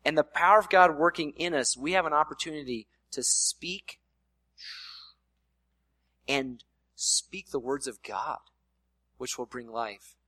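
A man's voice: a little high, unhurried, long pauses, sharp tone, no room sound. A man preaching a sermon in a casual, conversational way, slipping in playful voiced asides. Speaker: pastor.

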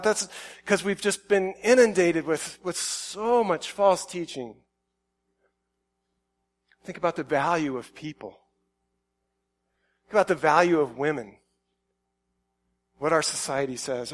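A man giving a conversational sermon, shifting from quiet reflective musing to loud emphatic outbursts. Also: on the high side, moderate pace, long pauses. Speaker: pastor.

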